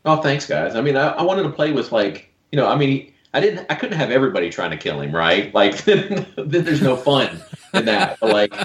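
Southern man with a lively voice. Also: mid-range voice, fairly quick. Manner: rambling, self-deprecating, frequent "like". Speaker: comic creator, guest. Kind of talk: casual podcast chat. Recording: roomy echo.

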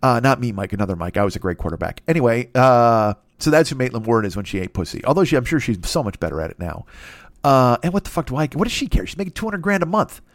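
Fast-talking man in a crude comic rant. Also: medium pitch, big pitch swings, no echo, studio quality. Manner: rambling, profane, jumps into mocking voices. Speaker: podcast host. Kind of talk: crude comedic monologue.

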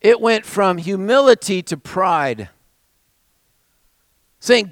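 A man preaching a sermon as pastor, with dramatic swings between raised passages and hushed, almost whispered lines. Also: a little high, expressive, unhurried, dry recording.

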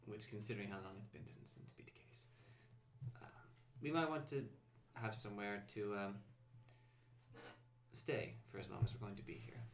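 A man's voice: fairly low pitch, moderate pace, creaky, pauses often, echoey room. A man playing a tabletop game, speaking in a polite, dry, casual way. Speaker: player. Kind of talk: casual tabletop role-play.

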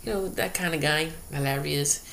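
A man's voice: on the high side, fairly quick, vocal fry, bright, forceful tone, slight background noise. Rambling man doing a comedic monologue. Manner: rambling, loose, full of "you know" asides.

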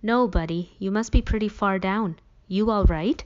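A woman voicing a worried father with a croaky, reassuring manner. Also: mid-range voice, moderate pace, lightly acted. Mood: tender. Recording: dull lo-fi recording.

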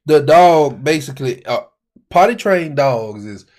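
A man's voice: a little high, animated, unhurried, a little mellow. A man co-hosting a casual podcast, joking and acting out exaggerated quotes as a father. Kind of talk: casual chat.

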